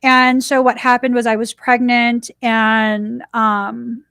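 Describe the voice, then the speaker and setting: A woman hosting a podcast, talking through a personal story in a casual, animated way and slipping into little laughs. Her voice sits on the higher side. It is recorded close and dry, with no room sound. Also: slow, creaky, clean tone, no echo. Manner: animated, chatty, laughs while telling. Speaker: podcast host.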